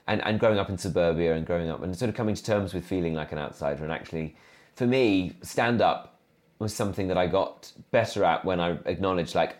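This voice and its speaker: A comedian in his thirties telling stories in a casual interview, animated and self-deprecating with frequent restarts. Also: sits low, fast. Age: 30s. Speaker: comedian guest.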